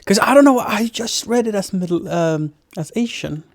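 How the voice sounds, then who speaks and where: A man's voice: sits high, lively intonation, moderate pace, no room sound. A young man from Sweden streaming a farming game, chatting casually and rambling with self-mocking asides. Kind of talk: casual gameplay commentary.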